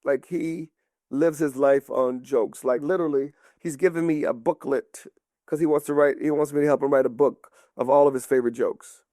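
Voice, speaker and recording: A man's voice: a little high, steady tone, moderate pace, dark tone, no echo, studio quality. A comedian guest chatting casually and animatedly, acting out voices as he tells stories. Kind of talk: casual storytelling chat.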